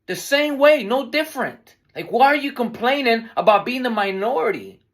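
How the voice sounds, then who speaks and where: A man's voice: extremely high pitch, expressive, moderate pace, fairly bright tone. A man hosting his own podcast, delivering an argumentative commentary monologue full of rhetorical questions. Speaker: podcast host.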